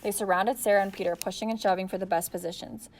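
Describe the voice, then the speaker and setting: Woman audiobook reader, steady storytelling, mid pitch. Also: quick pace, slight background noise. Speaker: audiobook narrator. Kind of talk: audiobook narration.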